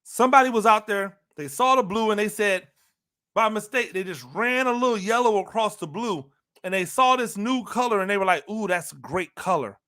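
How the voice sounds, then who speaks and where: A man delivers an animated football talk monologue in a high, bright voice. He hammers his points home by repeating phrases and keeps throwing rhetorical questions at his listeners. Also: fairly quick, smooth. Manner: emphatic, repeats phrases for emphasis; talks to listeners directly, asks rhetorical questions. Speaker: football analyst host.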